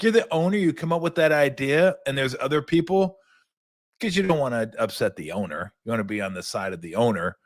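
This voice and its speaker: A man's voice: mid-range voice, fairly bright tone. Older man rambling through a sports rant. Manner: rambling, profane, sarcastic asides. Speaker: sports talk show host. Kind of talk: casual sports talk monologue.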